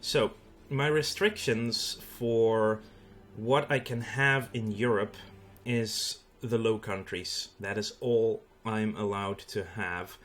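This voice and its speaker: A man's voice: on the low side, steady tone, slow pace, fairly bright tone. A Dutch man with a Dutch accent hosting a let's play, explaining the game in a casual way with frequent fillers. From Netherlands. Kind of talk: gameplay commentary.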